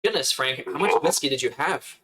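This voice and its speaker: A man playing a tabletop game, tossing in urging, quick in-character remarks. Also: fairly high pitch, pushed and bright. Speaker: player.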